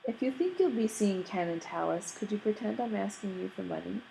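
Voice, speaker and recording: A woman's voice: mid-range voice, animated, a little fast, creaky, mellow, a little hiss or hum, voice pushed up, rough recording. A woman reading the part of an anxious, polite young American man who talks earnestly.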